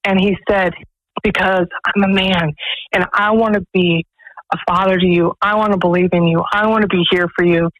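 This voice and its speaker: An earnest woman tells stories as a radio interview guest. She leads a faith-based pregnancy center and talks in an animated, storytelling way. The studio sound is dry and close. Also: on the low side, normal speed, dry recording, muffled recording. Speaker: executive director of a pregnancy resource center.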